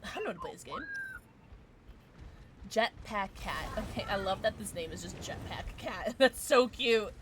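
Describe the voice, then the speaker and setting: A woman streamer chatting casually while playing, giggly and chatty, quickly excited. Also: medium pitch, slight background noise. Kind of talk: casual gaming livestream chat.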